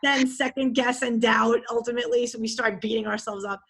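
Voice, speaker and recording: A middle-aged woman, a podcast guest, telling a personal story in a candid, expressive way with many fillers. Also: fairly high pitch, a little fast.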